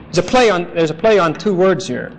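A man's voice: high-pitched, lively intonation, rough recording. A male pastor teaching through a Bible passage in an emphatic, explanatory sermon. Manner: emphatic, explanatory, deliberate phrasing.

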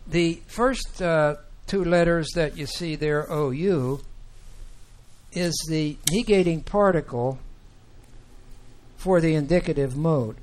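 Slow, halting man teaching the Bible. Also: on the high side, darkish tone. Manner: slow, halting, with many fillers and restarts. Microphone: microphone that sometimes cuts out.

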